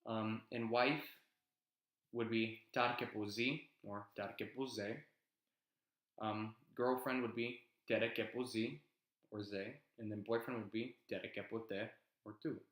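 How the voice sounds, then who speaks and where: A man's voice: lowish voice, fairly even intonation, slow pace, fairly bright tone. A man casually teaching an invented language, rambling with self-aware asides. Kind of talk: casual video lesson. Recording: echoey room.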